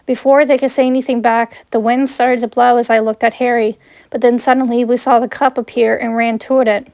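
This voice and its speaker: A woman's voice: fairly high pitch, flat delivery, fairly quick, a little mellow, dry recording. A woman reading her own fan fiction aloud in first person, in a plain, earnest way.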